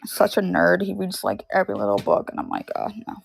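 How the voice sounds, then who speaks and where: A woman's voice: lowish voice, big pitch swings, fairly quick, creaky. A young woman with a sore, itchy throat, chatting casually on a livestream while selling DVDs and VHS tapes, rambling with lots of fillers. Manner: rambling, filler-heavy storytelling.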